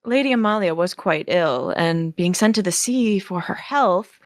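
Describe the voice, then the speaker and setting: A woman voicing a scheming male naval officer with a smooth, condescending manner. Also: on the low side, expressive, a little slow, dry recording, clean studio sound. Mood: menacing. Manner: smooth, condescending, mock-polite.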